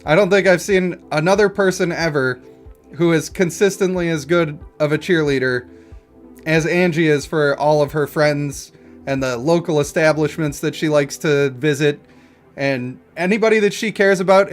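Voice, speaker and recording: A man's voice: fairly high pitch, normal speed, faint music behind. A man streaming a game, chatting casually in a rambling way and laughing often. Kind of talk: casual live-stream chat.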